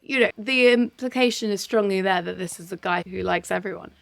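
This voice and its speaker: A woman's voice: medium pitch, fairly quick, creaky, no room sound. A woman co-hosting a film podcast, talking candidly and enthusiastically, with casual swearing.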